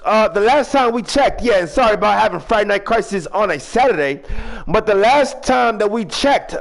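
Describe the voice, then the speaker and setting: A man with a high, gravelly voice hosts a fan-made wrestling show in loose, rambling chat. His pitch swings widely, and he draws out booming ring-announcer calls. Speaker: host of a fan video-game wrestling show. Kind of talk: casual hosted recap with announcer flourishes.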